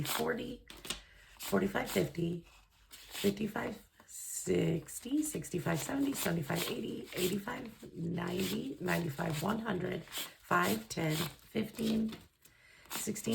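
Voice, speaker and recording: A woman's voice: on the low side, background noise. A woman budgeting vlogger chatting casually to camera, gushing and emotional, with a lot of fillers. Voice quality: gravelly, creaky voice.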